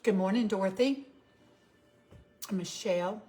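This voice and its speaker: A Southern-accented woman in her fifties from Georgia, US, hosts a cooking livestream, chatting casually, reading viewer comments and greeting people by name. She speaks at medium pitch and a measured pace in a warm tone, with faint music behind her.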